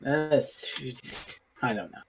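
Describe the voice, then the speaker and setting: A podcast guest in a casual review chat, talking in an animated, blunt way and swearing casually. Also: mid-range voice, takes it slowly, husky.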